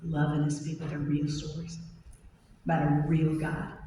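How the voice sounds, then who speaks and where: A woman preacher retelling a Bible story as a lively, humorous modern-day tale in a conference sermon. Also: sits low, moderate pace, slight background noise. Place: large conference hall. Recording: echoey hall from far off.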